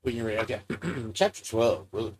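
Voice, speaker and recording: A man's voice: lowish voice, fast, background noise. A man co-hosting a live stream and reading a book chapter aloud, with dry, wry remarks. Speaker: co-host and reader.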